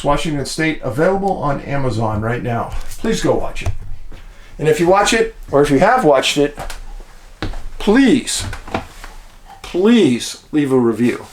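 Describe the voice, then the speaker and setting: Speaking directly to his audience like they're friends, a man hosting his show gives a folksy, chatty casual monologue. His voice is on the high side, with a little hiss or hum.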